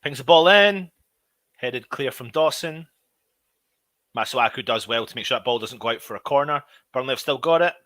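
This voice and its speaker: A man hosting a live fan watch-along, commentating on the match, shouting at big moments and grumbling at his own players. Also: mid-range voice, fairly quick, no room sound. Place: at home.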